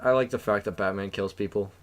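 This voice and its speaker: A young man co-hosting a podcast, chatting casually, swearing freely and ranting with sudden loud outbursts. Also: lowish voice, fairly even intonation, quick pace. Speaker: podcast co-host. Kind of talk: casual chat.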